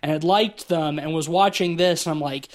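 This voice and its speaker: Animated, higher-voiced man rambling. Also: normal speed. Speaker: podcast co-host. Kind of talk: casual film discussion.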